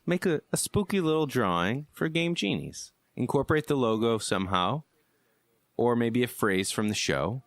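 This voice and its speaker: A man's voice: medium pitch, animated, normal speed, no echo. A young man co-hosting a gaming podcast, easygoing and rambling as he runs through the show's segments. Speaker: podcast co-host. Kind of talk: casual podcast chat.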